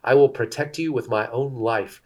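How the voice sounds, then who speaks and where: A man's voice: medium pitch, moderate pace, darkish tone, natural voice. A man reading the part of a remorseful but protective warrior leader. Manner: earnest, reassuring.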